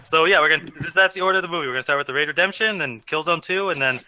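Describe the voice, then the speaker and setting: A man on a casual video-call chat, quickly and agreeably reading out the night's plans. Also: fairly high pitch, pushed and bright, smooth, lo-fi sound. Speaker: co-host.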